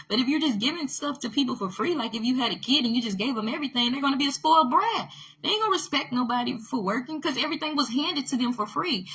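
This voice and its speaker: Fired-up husky-voiced American woman ranting. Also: a little high, bright, forceful tone, rough recording. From United States. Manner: fired-up, ranting, rising to emphatic bursts. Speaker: vlogger, army veteran. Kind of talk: impassioned political commentary.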